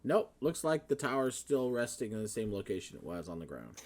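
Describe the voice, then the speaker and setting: Low-voiced game master, casual. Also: male voice, sing-song, a little fast, darkish tone. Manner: casual, hesitant with fillers. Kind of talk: narrating a tabletop game.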